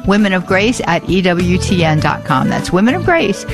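A woman hosting a live call-in radio show, chatty and animated, who spells out words and repeats the phone number slowly. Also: on the low side, music in the background.

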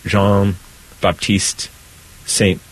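A man's voice: drawn-out words, poor audio. A man, a priest, talking earnestly about faith in a conversational show, his voice lifting when he is moved. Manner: earnest and animated, rising pitch when stirred. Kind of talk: conversational spiritual talk.

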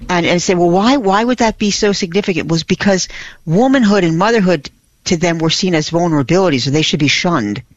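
A woman's voice: lowish voice, a little fast, no room sound, dull audio. A woman who is a regular on a Catholic radio talk show, talking eagerly with restarts, heard over a remote line. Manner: enthusiastic, with restarts. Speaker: regular co-host.

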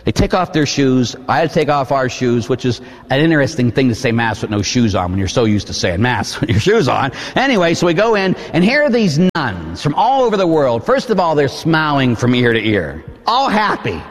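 A man, a Catholic priest, telling a story in a sermon, swinging between hushed asides and excited exclamations. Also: medium pitch, a little fast, hardly any pauses, in a large hall.

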